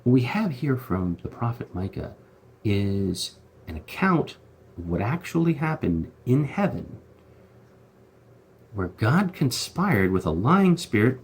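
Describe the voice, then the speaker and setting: A man's voice: deep voice, a little mellow, husky. A man hosting a casual Bible commentary, talking in a chatty, slangy way with lots of fillers and restarts. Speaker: host.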